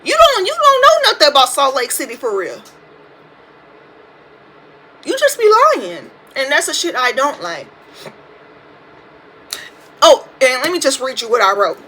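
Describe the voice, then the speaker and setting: A woman's voice: high voice, a little slow, pauses often, a little hiss or hum, rough recording. A woman in her twenties hosting a podcast, giving a casual, profane, slang-filled rant about a reality TV show. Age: 20s. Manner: animated, profane, ranting with slang. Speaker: podcast host. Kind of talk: casual reality TV commentary monologue. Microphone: phone.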